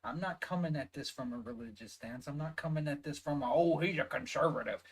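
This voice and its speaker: A man's voice: a little high, fairly quick, low-quality recording. A man with a Southern US accent giving heated, emphatic reaction commentary, swearing often and stressing words one by one. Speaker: reaction video host.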